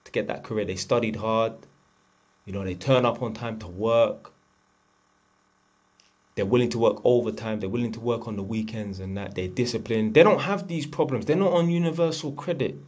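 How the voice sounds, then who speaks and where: A man's voice: on the low side, moderate pace, a little mellow. A man, delivering a blunt, profane, lecturing rant to camera as a vlogger. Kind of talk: unscripted ranting monologue.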